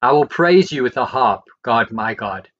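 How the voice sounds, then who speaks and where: A man reading the Bible aloud, verse by verse, in a steady and measured way. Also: medium pitch, muffled recording. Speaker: Bible reader.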